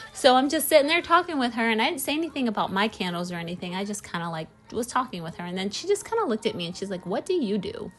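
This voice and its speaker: A woman's voice: a little high, big pitch swings, fast, a bit bright, soft background music. A woman who makes candles, chatting casually in a storytelling vlog and rambling with lots of "like" and "you know.". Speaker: candle maker and small business owner.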